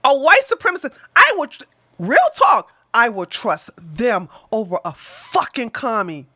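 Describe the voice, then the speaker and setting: Loud, combative high-pitched woman ranting. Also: wildly swooping pitch, unhurried, no room sound. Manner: combative, profane, swings between loud bursts and mutters. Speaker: political livestream host. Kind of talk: ranting political livestream commentary.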